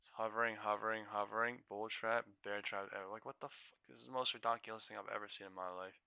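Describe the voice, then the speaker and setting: A man's voice: lowish voice, flat delivery, quick pace, gravelly, pushed and bright, clear, resonant tone, no room sound. A tired young man live-streaming stock trades, talking to himself in incredulous, swearing bursts. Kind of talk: live trading stream commentary.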